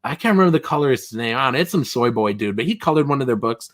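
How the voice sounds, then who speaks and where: A man's voice: mid-range voice, animated, rapid-fire. A man hosting a casual livestream, rambling and chatty, full of fillers and chuckles. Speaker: livestream host.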